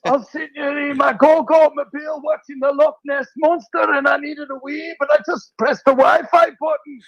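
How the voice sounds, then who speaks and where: A man's voice: extremely high pitch, fairly even intonation, moderate pace, a bit bright, no echo, muffled recording. A man doing an impression of a cheeky Scottish comedian who phones in with bawdy jokes, in a Scottish accent. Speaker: prank caller.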